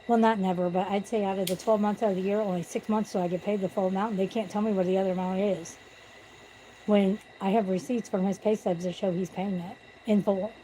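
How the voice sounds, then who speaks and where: A woman's voice: mid-range voice, steady tone, fairly quick, mellow, slight background noise, rough recording. A woman on a casual livestream at home, venting bluntly and with swearing about corruption. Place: at home with pets.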